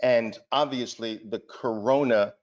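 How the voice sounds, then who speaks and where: A man's voice: medium pitch, steady tone, normal speed, lo-fi sound. A man giving a market presentation, speaking emphatically and asking the audience rhetorical questions. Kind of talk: trading seminar presentation.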